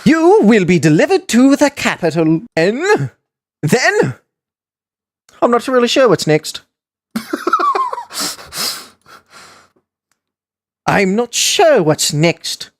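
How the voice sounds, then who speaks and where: A woman voicing a loud, pompous, excitable male skeleton with flamboyant, theatrical delivery. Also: a little high, slow pace. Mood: grandiose. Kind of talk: voice acting audition takes.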